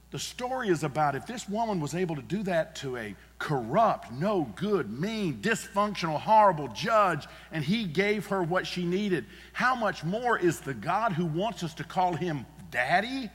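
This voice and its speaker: A man preaching in a church sanctuary, earnest and emphatic, driving his points home through repetition. His voice sits a touch high for a man and rings with the long reverb of a large hall. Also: sing-song, measured pace, a bit bright, husky. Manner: earnest, emphatic, repeats key phrases. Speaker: pastor. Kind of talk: sermon.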